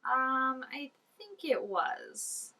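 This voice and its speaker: A woman giving casual, excitable reaction commentary, full of "like" and dropping into soft asides. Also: high voice, drawn-out words, far from the mic, rough recording. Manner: chatty and excitable, peppered with "like", drops to soft asides. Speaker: reaction video host.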